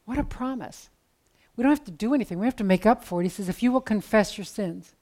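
A woman's voice: mid-range voice, animated, fast talker, mellow. A woman preaching a sermon in a conversational, storytelling way with casual asides.

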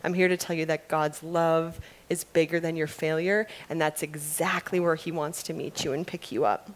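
A woman delivering an earnest devotional sermon to women, slowing and softening her voice for emphasis. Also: deep voice, steady tone. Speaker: women's ministry speaker.

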